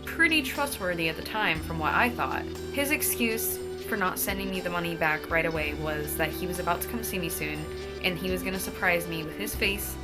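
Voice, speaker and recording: A young woman recounting a personal story for her vlog, swearing freely and sounding exasperated with how things went. Her voice sits a little low for a woman, and clear music plays behind her the whole time. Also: fairly quick.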